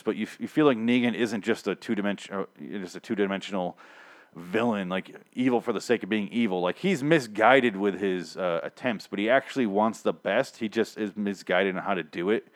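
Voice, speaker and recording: A man casually recapping a TV episode in a rambling, profane, animated way. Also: lowish voice, brisk. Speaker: TV show recapper.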